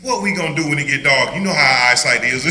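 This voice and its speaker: A man's voice: a little high, expressive, quick pace, echoey room, very noisy. An older man leading an informal Bible study as a pastor, joking and laughing often as he teaches. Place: church hall.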